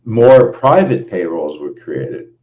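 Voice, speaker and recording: A man's voice: sits low, big pitch swings, takes it slowly, dull audio. A man hosting a live trading stream, going over the results in an emphatic way and repeating his phrases. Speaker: trading show host. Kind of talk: live-stream trade recap.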